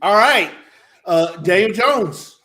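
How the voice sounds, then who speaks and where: Excitable male sports podcast co-host, high bright voice, loud and profane. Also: takes it slowly. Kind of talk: casual sports chat.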